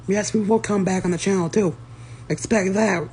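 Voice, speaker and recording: A man's voice: sits high, fairly even intonation, normal speed, darkish tone, slight background noise. A man in a casual comedy skit, laid-back and crude in his banter. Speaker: comedy video creator.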